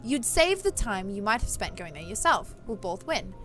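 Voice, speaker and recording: A woman reading the lines of a gentle, hopeful young heroine in a visual novel, soft and earnest. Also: medium pitch, very animated, normal speed, faint music behind. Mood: polite.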